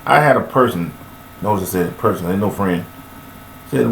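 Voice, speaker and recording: A man giving a rambling, preachy monologue about forgiveness, recorded on a webcam, with sudden high-pitched bursts of emphasis. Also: fast, gravelly, echoey room, slight background noise, low-quality recording.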